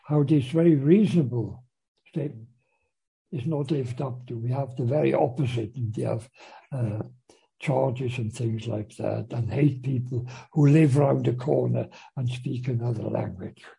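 A man's voice: mid-range voice, measured pace, vocal fry, dark tone, breathy edge, rough recording. A man lecturing on a novel, hesitating with frequent fillers and restarts as he reads passages aloud. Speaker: literature lecturer.

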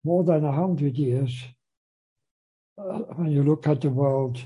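A man's voice: fairly high pitch, takes it slowly, mellow, breathy edge, poor audio. A man lecturing on a novel, hesitating with frequent fillers and restarts as he reads passages aloud. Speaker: literature lecturer.

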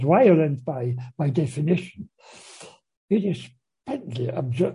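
A man's voice: on the high side, dark tone, husky, low-quality recording. A man lecturing on a novel, hesitating with frequent fillers and restarts as he reads passages aloud. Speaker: literature lecturer.

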